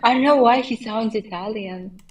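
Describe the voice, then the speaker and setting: A woman's voice: a little high, normal speed, far from the mic, rough recording. A woman guest on a podcast in casual chat, speaking unhurriedly with some hesitation. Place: podcast recording in Seoul.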